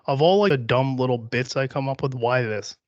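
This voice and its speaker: A man's voice: medium pitch, a little fast, dry recording, muffled recording. A young man hosting a solo podcast, rambling and joking with plenty of profanity. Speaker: podcast host.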